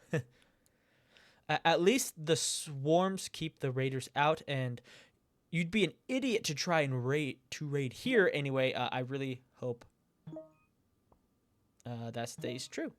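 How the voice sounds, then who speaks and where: Chatty gamer guy, slightly high voice. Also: animated, slow, pauses often, dry recording, studio quality. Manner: chatty, reacts aloud with laughs and swearing. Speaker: let's play gamer. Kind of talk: gameplay commentary, reading chat messages aloud.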